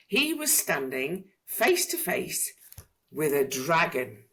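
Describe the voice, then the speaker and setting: A woman reads a children's picture book aloud in a sing-song storytelling manner. Her voice sits low, with a lively swing in pitch. She takes the story at an unhurried pace. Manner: expressive, sing-song reading.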